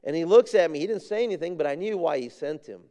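A man's voice: fairly high pitch, expressive, fast, dark tone. A man preaching a sermon with fervor, repeating phrases for emphasis and reading scripture in King James wording. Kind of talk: sermon with a personal story.

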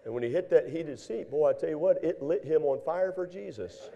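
An older man preaching a sermon, telling folksy stories in an animated way, with many fillers and acted-out dialogue. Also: a little high, brisk, gravelly, muffled recording. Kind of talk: sermon with storytelling.

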